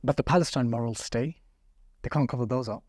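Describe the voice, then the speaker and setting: Quick-talking male podcast host. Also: mid-range voice, darkish tone, no room sound, clean studio sound. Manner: quick probing questions, brief agreements. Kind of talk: interview questioning.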